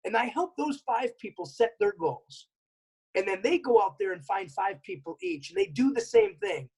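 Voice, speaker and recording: Male seminar presenter, husky tone, energetic, drives points home by repetition. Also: very high voice, low-quality recording. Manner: energetic, repeats key points, acts out remembered dialogue. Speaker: network marketing workshop presenter. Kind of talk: seminar talk.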